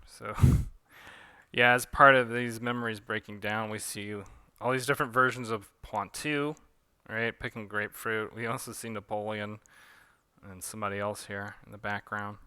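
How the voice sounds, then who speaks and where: A man giving a relaxed, rambling commentary on his own comic, with fillers. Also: lowish voice, moderate pace, clean tone, no echo. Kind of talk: director's commentary read-along.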